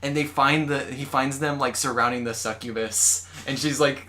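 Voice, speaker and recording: A man's voice: mid-range voice, moderate pace. A young man co-hosting a casual podcast, animatedly retelling an anime episode and acting out quotes. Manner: animated retelling with quoted voices and frequent laughter. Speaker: podcast co-host.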